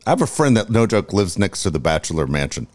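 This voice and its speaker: A man's voice: deep voice, big pitch swings, fast talker, a little mellow. Easygoing male podcast co-host. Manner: easygoing, laughs often. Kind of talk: casual podcast banter, reads ads.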